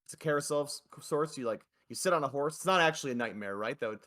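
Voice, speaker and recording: A chatty, wistful village mother, as a man puts her on for a tabletop game. She rambles and hesitates, circling back through her words at an ordinary pitch. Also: animated, very fast, a bit bright, natural voice. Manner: rambling, hesitant, with many fillers. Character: friendly middle-aged local mother, wistful. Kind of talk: tabletop role-play.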